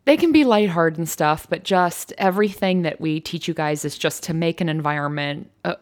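A woman's voice: low voice, moderate pace. A woman co-hosting a podcast in casual chat, agreeing and chiming in with short replies. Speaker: podcast co-host.

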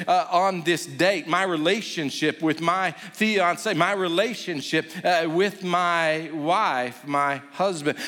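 High-voiced male pastor preaching in a hall. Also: a bit bright. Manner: dynamic preaching, rising and dropping to near whisper. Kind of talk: sermon.

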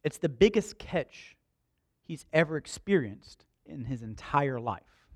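Male pastor, animated storytelling sermon, swooping pitch, dry close sound. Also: slow pace, no echo. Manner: animated, conversational storytelling with humor.

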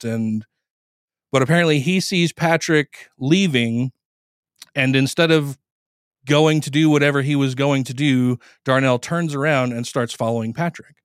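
Smooth-voiced man casually retelling a story. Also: medium pitch, unhurried, dry recording, clean studio sound. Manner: conversational, profane, acts out quoted lines. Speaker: podcast host. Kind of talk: casual retelling of a court case.

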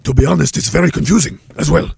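A man voicing a menacing, gravelly man who delivers cold threats in a flat, matter-of-fact way. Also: fairly high pitch, fast talker, no room sound, exaggerated voice. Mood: coldly threatening. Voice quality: gravelly, husky.

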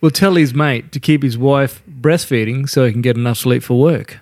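A man's voice: medium pitch, normal speed, a little mellow, a little hiss or hum. A tipsy Australian man co-hosting a crude, casual pub chat, laid-back and laughing a lot. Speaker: podcast co-host.

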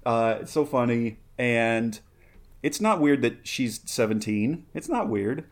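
While watching a movie, a podcast co-host with a mid-range voice talks slowly, a bit tipsy from a drink. He rambles, laughs often and quotes lines from the film in this casual chat.

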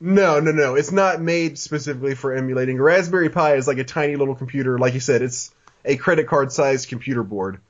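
A man's voice: medium pitch, quick pace. A man hosting a casual podcast, reading listener mail and chatting, laughing often and restarting his sentences. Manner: laughs often, repeats words when restarting. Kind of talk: casual chat. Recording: dull lo-fi sound.

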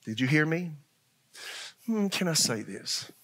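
A middle-aged pastor preaching a sermon, animated, acting out voices and asking the congregation questions. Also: male voice, on the high side, unhurried, breathy edge.

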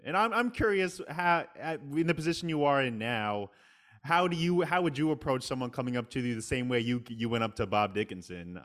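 A man interviewing a guest, asking his questions with halting restarts. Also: mid-range voice, fairly bright tone.

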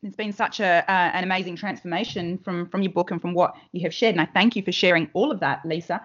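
A woman's voice: lowish voice, fairly even intonation, quick pace, fairly bright tone, highs cut off. A woman hosting a podcast interview, asking her guest questions. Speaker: podcast host.

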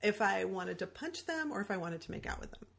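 A woman's voice: medium pitch, big pitch swings, brisk, gravelly, a bit bright. A woman being interviewed as a guest author, chatting casually in a wry way and laughing often.

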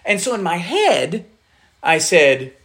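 In a slow, high-sitting voice, a middle-aged pastor shares a story during a relaxed conversation. He laughs often along the way and animatedly acts out each quoted voice.

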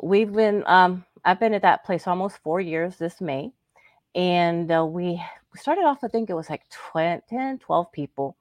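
A woman with a lower, dry voice co-hosts a talk show. She tells a personal story in a chatty, animated way and slips into the voices of the people she quotes. The recording is close and free of room sound. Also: unhurried, no room sound. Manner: chatty and animated, acting out what others said. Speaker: co-host.

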